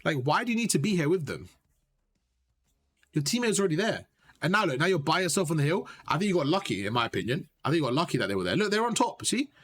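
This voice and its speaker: A man coaching a player through gameplay footage, direct and animated, repeating his points and calling him bro. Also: a little high, quick pace. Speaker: gaming coach.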